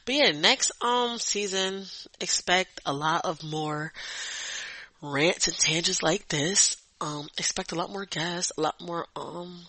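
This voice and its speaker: A woman's voice: fairly low pitch, slow pace, pushed and bright, dry recording. A young woman hosting her own podcast, speaking in in a profane, blunt and rambling solo rant, laughing often. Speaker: podcast host. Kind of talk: casual ranting monologue.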